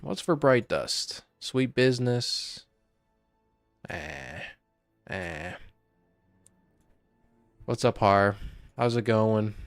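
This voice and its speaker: A man's voice: lowish voice, animated, very slow, pauses often, no echo, faint music behind. A young man streaming a game and chatting casually with viewers, sighing and emotional, on the verge of tears. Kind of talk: casual live-stream chat.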